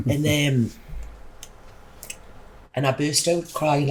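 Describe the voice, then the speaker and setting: A woman's voice: low voice, fairly even intonation, very slow, slight background noise, rough recording. A middle-aged woman, chatting emphatically as a podcast guest and telling a rambling personal story. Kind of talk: casual storytelling.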